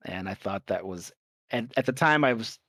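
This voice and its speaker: A man's voice: lowish voice, lively intonation, normal speed, bright, forceful tone, dry recording. A young adult man co-hosting a casual podcast chat, talking with rambling enthusiasm and casual swearing. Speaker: podcast co-host.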